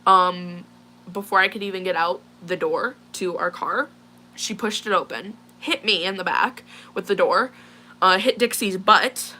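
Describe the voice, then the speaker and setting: A woman's voice: mid-range voice, measured pace, sharp tone. A teenage girl casually recounting a distressing incident to viewers, rambling with many fillers and sounding shaken. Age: teens. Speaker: vlogger telling a personal story. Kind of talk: casual storytelling to a live audience.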